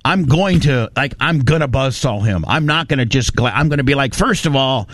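A man hosting a radio talk show, telling a story in animated bursts and ranting with lots of restarts. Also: medium pitch, fairly quick, dry recording. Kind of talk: casual talk radio banter.

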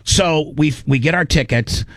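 A man's voice: on the high side, a little slow, no echo. Rambling male storyteller, dry sound. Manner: rambling, animated, lots of restarts. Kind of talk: casual storytelling.

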